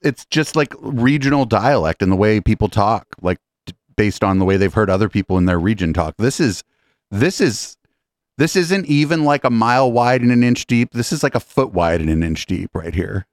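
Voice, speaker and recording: A man's voice: fairly low pitch, expressive, normal speed, no echo. A man from California commenting on a clip in a casual, sardonic way. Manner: wry, sardonic. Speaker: podcast co-host commenting.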